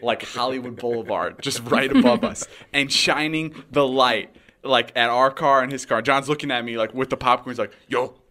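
A man's voice: medium pitch, moderate pace, few pauses. A young man, a podcast host, telling a wild story in casual chat, swearing and acting out the quotes. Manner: animated, swearing often, acts out quotes.

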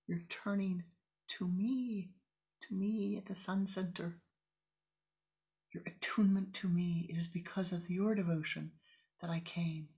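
A woman voicing a loving male divine Lord, speaking softly and often in a whisper. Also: fairly low pitch. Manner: soft, often whispered blessing.

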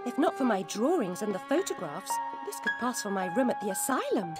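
A woman's voice: medium pitch, big pitch swings, a little fast, natural voice. An actress playing a troubled, guarded young woman in a game, speaking dryly. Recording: game audio with music behind.

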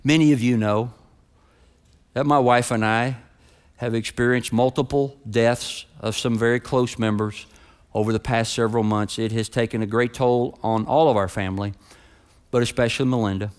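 A middle-aged man preaching a sermon as pastor. He starts with a quiet, subdued personal story and builds to loud, rising preaching. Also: mid-range voice, steady tone, moderate pace, smooth.

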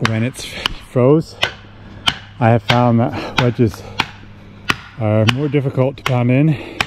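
Plain-spoken man outdoors amid loud hammering. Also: medium pitch, steady tone. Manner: plain-spoken, folksy, unhurried teaching. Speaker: host, horse logger. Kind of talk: casual explaining while working. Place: outdoors in winter woods. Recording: loud outdoor work noise, wedge tapping. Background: hammering and chopping.

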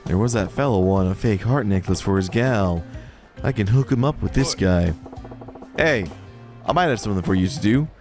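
A man voicing a laid-back middle-aged gangster who talks in a low, dry drawl. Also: normal speed, darkish tone, soft background music, close to an everyday voice.

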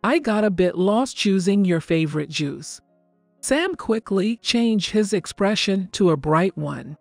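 Gravelly older woman narrating a story. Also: mid-range voice, animated, measured pace, dry recording. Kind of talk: scripted first-person story narration. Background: faint background music.

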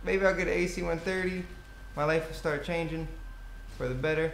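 A young man giving excitable gameplay commentary, swearing and yelling at the game. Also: fairly high pitch, a little fast, gravelly. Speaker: gaming commentator. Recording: echoey room with faint noise.

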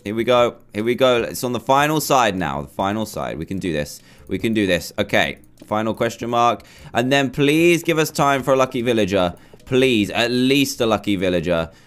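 A man's voice: lowish voice, animated, normal speed, smooth. A young man commentating his own gameplay, chatty and flustered as he talks himself through a build. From England. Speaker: gaming YouTuber.

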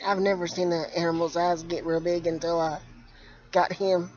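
A woman's voice: on the low side, little pitch movement, normal speed, a little mellow. Giggly woman chatting outdoors, lo-fi. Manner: giggly, laughs often while telling a story. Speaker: vlogger. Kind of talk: casual chat.

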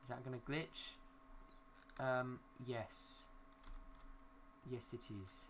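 A man's voice: medium pitch, little pitch movement, extremely slow, a bit bright, slight background noise. A young man giving casual, rambling commentary while building in a city game, talking to himself and swearing mildly at glitches. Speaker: gaming YouTuber.

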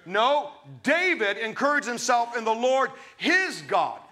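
A man's voice: very high-pitched, big pitch swings, a little slow, pushed and bright. A man preaching a sermon, reading scripture aloud and breaking off into emphatic, conversational asides to his listeners.

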